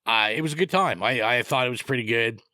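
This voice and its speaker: A man's voice: mid-range voice, fast, pushed and bright, dry recording. A man co-hosting a podcast, giving rambling, opinionated movie recommendations in casual chat. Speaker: podcast co-host.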